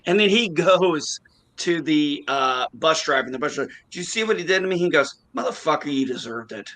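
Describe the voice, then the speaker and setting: A man's voice: fairly high pitch, fairly quick, dry recording. A man in a casual chat, telling blunt stories and swearing freely. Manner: blunt, animated storyteller who swears freely. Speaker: podcast co-host.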